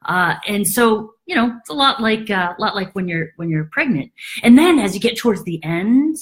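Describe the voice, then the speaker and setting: A woman realtor talking casually to camera, acting out quoted worries in a higher voice. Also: moderate pace. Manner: animated, acts out quoted thoughts in a high voice. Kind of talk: casual explainer monologue.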